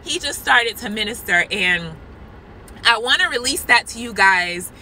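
A woman's voice: fairly high pitch, lively intonation, measured pace, pushed and bright, slight background noise, rough recording. A woman sharing an impassioned prophetic testimony from a church parking lot, earnest and repetitive, speaking straight to her viewers. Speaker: Christian vlogger sharing a prophetic word.

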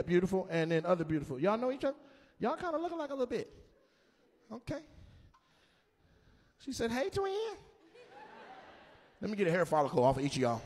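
A man's voice: fairly high pitch, brisk, pauses often, slight background noise. Guy doing crowd work on stage, big swoopy voice, roasting folks in the audience. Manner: teasing, animated, bursts into loud exclamations. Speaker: stand-up comedian. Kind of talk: live stand-up crowd work.

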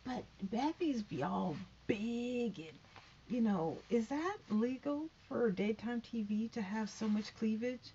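A woman's voice: on the high side, lively intonation, takes it slowly, warm tone, a little hiss or hum. A woman vlogging from home, chatting bluntly and gossiping in a casual commentary. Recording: dull lo-fi recording.

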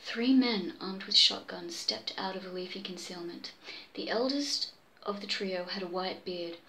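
A woman's voice: medium pitch, measured pace, sharp tone, rough recording. A woman host casually reading a pulp story aloud, stumbling, restarting and muttering asides to herself.

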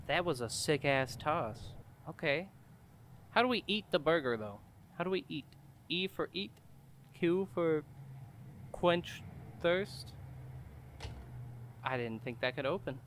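A man's voice: on the high side, a bit bright, a little hiss or hum. A young man making jokey let's-play commentary on a horror game, talking back to the game. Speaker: gaming YouTuber.

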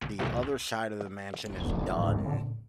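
A man with a fairly low voice gives loose, rambling commentary while he plays, often correcting himself mid-sentence. Game music plays clearly underneath him. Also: unhurried. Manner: rambling, self-correcting, chatty. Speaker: streamer. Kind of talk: casual gameplay commentary. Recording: game music playing behind.

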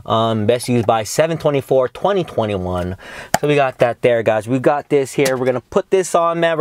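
Slangy, swearing young man reviewing weed. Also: mid-range voice. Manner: laid-back slangy, swears a lot, calls viewers dog and bro. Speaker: cannabis reviewer. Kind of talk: casual vlog review.

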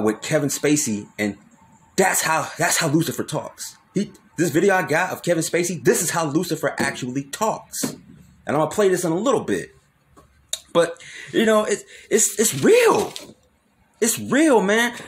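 Young man, casual storytelling, lively swinging pitch, fairly high voice, repeats himself, slangy. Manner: animated, repeats words, slangy asides. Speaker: YouTuber telling a personal story.

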